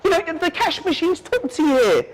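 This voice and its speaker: A woman's voice: very high-pitched, animated, brisk, over a noisy crowd, rough recording. A woman from England giving heartfelt, emphatic interview answers and often checking in with "yeah?". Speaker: interview guest.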